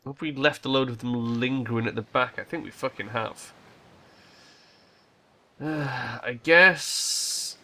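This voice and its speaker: A man's voice: mid-range voice, slow pace, long pauses, pushed and bright. A man hosting a strategy game let's play, casually thinking aloud and swearing now and then. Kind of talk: gameplay commentary.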